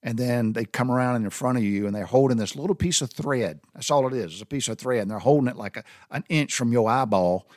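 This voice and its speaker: A man's voice: mid-range voice, fast, hardly any pauses, darkish tone, no room sound. Man, Southern US accent, rambling folksy talk, mid-range voice, dry close mic. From Southern United States. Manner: folksy and rambling, with many restarts. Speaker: Navy veteran explaining sailor slang. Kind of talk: casual spoken monologue.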